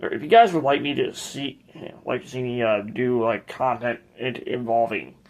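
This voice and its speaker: A man's voice: medium pitch, moderate pace, darkish tone. A man hosting a casual tour of his ceiling fan collection, speaking in a hesitant, rambling way with frequent restarts.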